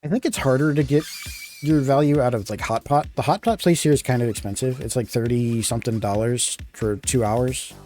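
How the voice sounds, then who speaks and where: Mellow-voiced man rambling on stream. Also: medium pitch, brisk. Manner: rambling, filler-heavy, self-interrupting. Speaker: gaming streamer. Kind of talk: casual live-stream chat.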